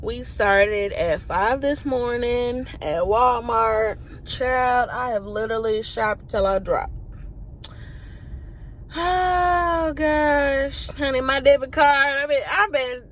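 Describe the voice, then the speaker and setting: A woman's voice: high voice, takes it slowly, fairly bright tone, slight background noise. A woman vlogging casually while out shopping, chatty and exclamatory, a bit out of breath. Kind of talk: casual vlog chat.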